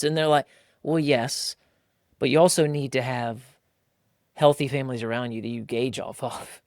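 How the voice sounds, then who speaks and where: A man's voice: mid-range voice, moderate pace, long pauses, dry recording, studio quality. A man in his thirties hosting a casual podcast chat, telling stories with lots of acted-out quotes and casual slang. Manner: animated storytelling, acting out quotes, frequent "like" and "bro". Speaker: podcast host.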